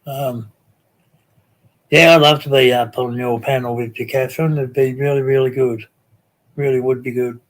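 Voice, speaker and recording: An Australian man hosting a live stream, chatting casually with viewers and reading their comments, slow and rambling with many pauses and restarts. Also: mid-range voice, flat delivery.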